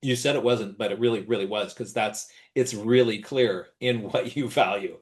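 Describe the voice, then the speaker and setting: A middle-aged man teaching an online workshop in an animated, conversational way. He often leaps into a high, gushing voice to mimic how adults praise a child's drawing, then drops back to his normal talk. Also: moderate pace. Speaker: workshop presenter.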